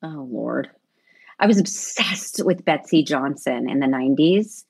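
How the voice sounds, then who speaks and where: A woman's voice: a bass voice, lively intonation, unhurried, gravelly, a little mellow, slightly rough. A woman, chatting in an interview as the guest, laughing often and telling stories with animation. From American South. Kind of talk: casual interview chat.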